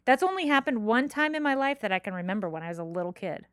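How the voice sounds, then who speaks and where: A woman's voice: fairly high pitch, lively intonation, fast, clean tone, no echo, clean studio sound. A woman in her thirties co-hosting a podcast, chatting casually, rambling, laughing often and swearing. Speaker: podcast co-host. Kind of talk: casual chat.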